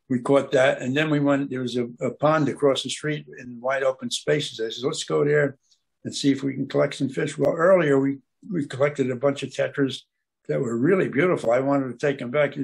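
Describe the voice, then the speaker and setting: Gravelly older man telling stories. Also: mid-range voice, fairly even intonation, moderate pace. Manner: meandering, searches for words with many fillers. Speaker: guest speaker at an aquarium club. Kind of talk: rambling anecdotal storytelling.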